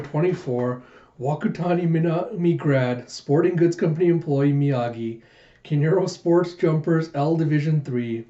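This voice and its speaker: A man excitedly recapping a manga chapter for his reaction show, reading the panels aloud and laughing often. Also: on the high side, roomy sound, dull audio.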